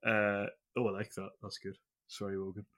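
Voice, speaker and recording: A man's voice: on the low side, flat delivery, moderate pace, a bit bright. A man hosting a gaming podcast, rambling and self-mocking as he chats. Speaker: podcast host. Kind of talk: casual chat.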